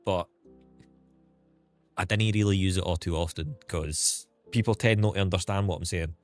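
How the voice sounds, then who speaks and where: A man's voice: deep voice, normal speed, faint music behind. A young man with a toned-down Scottish accent chatting casually on a livestream, thanking viewers and swearing now and then. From Scotland. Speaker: streamer. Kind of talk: casual livestream chat while gaming.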